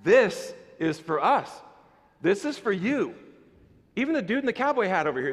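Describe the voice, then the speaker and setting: A man preaching a sermon as pastor, animated and conversational, with playful asides to the congregation. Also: sits high, moderate pace, long reverb tail. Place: church sanctuary.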